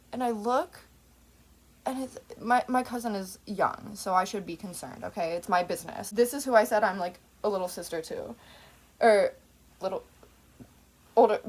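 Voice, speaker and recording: A woman in her twenties talking to camera in a rambling, tangent-filled monologue, swearing freely. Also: a little high. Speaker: vlogger.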